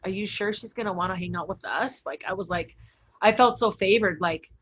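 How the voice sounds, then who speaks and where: A woman hosting a faith conversation, her voice sitting at a middle pitch. She is effusive and tearful, pouring out spiritual encouragement to her guest. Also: brisk, slightly rough. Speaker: interview host.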